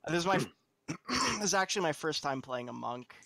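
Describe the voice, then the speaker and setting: A man's voice: a little high, big pitch swings, measured pace, vocal fry, sharp tone, no echo. A man playing a tabletop game, chatting casually and enthusiastically about his moves. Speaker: player.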